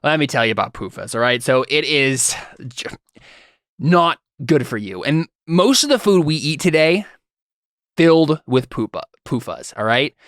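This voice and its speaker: A man's voice: fairly high pitch, lively intonation, moderate pace, fairly bright tone, no echo, clean studio sound. A man voicing a hearty, bossy middle-aged father who lectures in a folksy way and keeps asking "all right?". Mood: lecturing.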